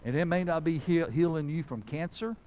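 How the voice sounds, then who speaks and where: A man's voice: on the high side, brisk, darkish tone, a little hiss or hum. A man, a pastor giving a folksy, conversational sermon that builds to fervent preaching.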